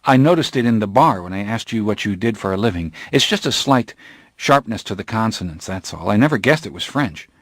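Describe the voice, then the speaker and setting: A man's voice: on the low side, expressive, measured pace, dry recording, clean studio sound, voice pushed up. A man voicing a nervous, timid young male interviewer, who speaks in a hesitant, eager way.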